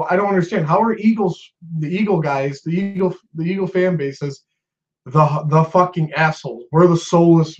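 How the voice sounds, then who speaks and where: A man's voice: fairly high pitch, a little mellow. A man ranting as a sports fan vlogger. He sounds agitated, swears often and repeats himself. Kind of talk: upset sports rant. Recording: dull lo-fi recording.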